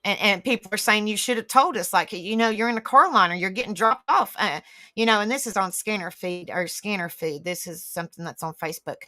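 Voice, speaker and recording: A woman's voice: mid-range voice, fairly quick, pushed and bright, no echo. A woman hosting a live stream, ranting indignantly and swearing as she talks straight to her viewers. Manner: indignant, rambling, swears freely; talks back to online comments. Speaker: livestream host.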